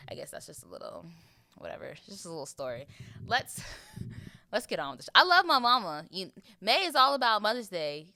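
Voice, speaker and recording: A young woman from Florida hosts a podcast, her lowish voice clear and resonant with no room sound. Her casual monologue is chatty, animated and playful, and she acts out voices.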